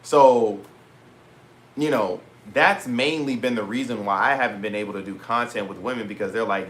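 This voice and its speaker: A young vlogger tells a story to camera in a lowish voice at a moderate pace, with slight background noise. He's animated, using casual slang and swearing, and retells conversations by acting out both sides in quoted voices.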